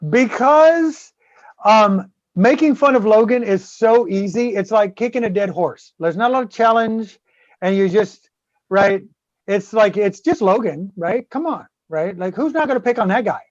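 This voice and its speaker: A man's voice: high voice, expressive, unhurried, dry recording. A man with a Southern US accent, a guest on a live web show, telling stories in a profane, boisterous way. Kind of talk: casual live-stream chat. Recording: slightly dull lo-fi audio.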